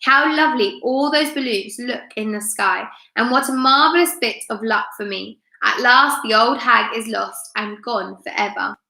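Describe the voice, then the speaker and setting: A woman's voice: a little high, moderate pace, creaky, hardly any pauses, bright, forceful tone. A woman voicing a mean, scheming old man in a storybook read-aloud, sly and solemn. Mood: gloating. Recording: roomy echo.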